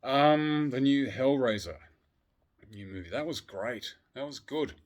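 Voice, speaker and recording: A man chatting casually on a vlog, excitable and profane, swinging between loud outbursts and low muttering. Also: measured pace. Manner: swears freely. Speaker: vlogger. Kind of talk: casual chat.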